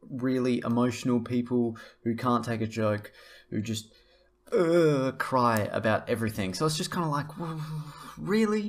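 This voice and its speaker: A young man rants to camera in a blunt, profane, rambling way. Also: on the low side. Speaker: vlogger. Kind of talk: casual ranting to camera.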